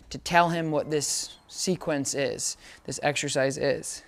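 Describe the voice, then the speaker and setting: Speaking at a normal pace with few pauses, this deep-voiced woman teaches a hands-on dog-training lesson in a relaxed, conversational way. She checks often that her listener follows ("does that make sense?") and cheerfully praises the dog in quick commands.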